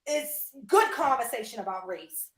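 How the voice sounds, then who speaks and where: Woman host, animated storyteller who laughs a lot and speaks straight to her audience; high voice, echoey room. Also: normal speed. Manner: animated, laughing, addresses listeners as y'all. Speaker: podcast host. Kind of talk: casual storytelling chat.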